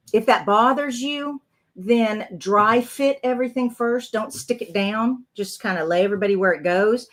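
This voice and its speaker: A woman's voice: mid-range voice, a bit bright. A woman, chatting loosely as she talks through a craft project on a live stream. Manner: chatty, rambling, thinks aloud while working. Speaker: crafting channel host.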